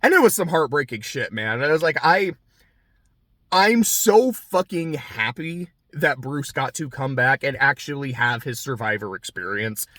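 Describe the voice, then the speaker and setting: A man hosting a casual recap podcast, telling the story in a chatty, excitable way with plenty of swearing. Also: medium pitch, normal speed, dry recording. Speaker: podcast host recapping a TV show.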